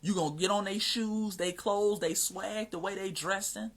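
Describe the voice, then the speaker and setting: Husky-voiced American man ranting on a livestream. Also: sits high, normal speed, fairly bright tone. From United States. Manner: emphatic and slangy, often asks "you see what I'm saying". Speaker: livestream host. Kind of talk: casual livestream talk answering questions.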